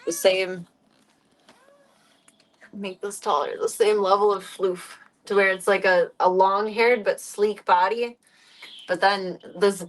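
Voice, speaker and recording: A young woman chatting on a live stream while she looks after her pet cats, now and then slipping into high baby talk with them. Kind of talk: casual live-stream chat.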